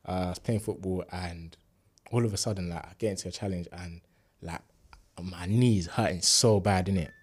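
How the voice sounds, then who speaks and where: Husky low-voiced young man. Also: normal speed. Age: 20s. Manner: relaxed street slang, lots of fillers, animated when retelling. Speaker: university student sharing a testimony. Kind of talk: casual storytelling chat.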